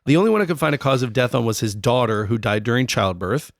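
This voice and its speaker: A man's voice: mid-range voice, lively intonation, quick pace, gravelly, no room sound, clean studio sound. A young man co-hosting a comedic history podcast, telling the story in a profane, jokey way. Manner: profane, jokey, puts on silly voices. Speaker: podcast co-host.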